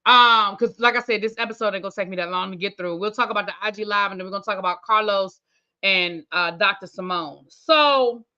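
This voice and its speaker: Chatty woman reviewer, bright lo-fi voice. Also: mid-range voice, brisk. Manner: chatty, thinks aloud, talks to viewers. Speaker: TV review host. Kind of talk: casual recap chat.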